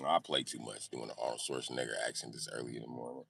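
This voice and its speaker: A man's voice: extremely low pitch, little pitch movement, fast, creaky, fairly bright tone, slightly rough, dry recording, clean studio sound. A man hosting a live stream in casual, joking chat, reading viewer comments aloud. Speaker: livestream host.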